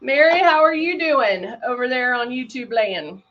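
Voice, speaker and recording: A woman's voice: high voice, animated, a little slow, lo-fi sound. A woman casually demonstrating airbrush makeup on a livestream, greeting viewers by name while she works. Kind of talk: casual live makeup demo chatting with viewers.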